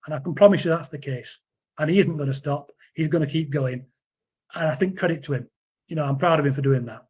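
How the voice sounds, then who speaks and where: Earnest husky man. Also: fairly high pitch, quick pace. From Yorkshire, England. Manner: earnest, defensive, repeats words. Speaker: interview guest. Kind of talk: casual interview chat.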